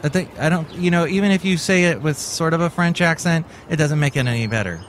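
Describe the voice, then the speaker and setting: A man's voice: fairly high pitch, fast, a little hiss or hum. A man hosting a comedic podcast, rambling in a playful, wry way. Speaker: podcast host.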